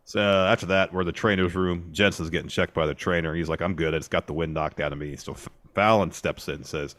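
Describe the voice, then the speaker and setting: A man co-hosting a podcast, retelling events in a steady play-by-play and acting out the quotes. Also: low-pitched, quick pace. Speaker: podcast co-host. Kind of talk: casual wrestling recap chat.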